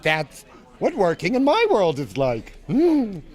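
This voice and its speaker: A man's voice: high voice, wildly swooping pitch, takes it slowly, a little mellow. Man, voice actor, wildly swooping delivery, manic, slips into silly voices. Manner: manic, jumps into silly voices mid-sentence. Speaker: voice actor guest. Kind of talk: convention interview. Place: convention. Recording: outdoor convention recording.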